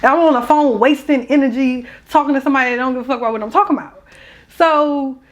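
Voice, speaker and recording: A woman's voice: sits high, fast, highs cut off. Emotional young woman, candid vlog talk. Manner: rambling, emotional and candid, slangy. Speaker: vlogger.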